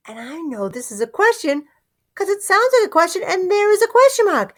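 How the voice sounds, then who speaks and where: Sounding out words slowly for young children, a woman leads a phonics lesson and encourages them along. Her voice sits on the high side.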